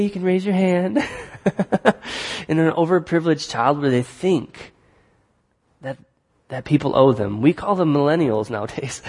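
A man's voice: fairly high pitch, a little mellow. A man preaching a sermon in a large hall, conversational, joking and correcting himself as he reads and explains scripture. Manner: conversational, jokes and self-corrects. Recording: long hall reverb.

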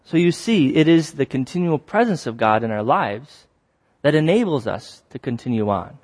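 A man preaching a sermon, telling stories with lively acted-out exclamations and repeating key phrases for emphasis. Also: medium pitch, moderate pace. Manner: animated storytelling, acts out shouts and exclamations.

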